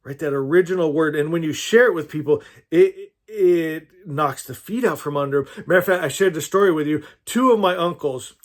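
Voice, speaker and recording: This California man, a spiritual teacher, talks briskly in a fairly high pitch with few pauses. He delivers an earnest, informal sermon, rambling through personal stories and often restarting or turning aside to address listeners.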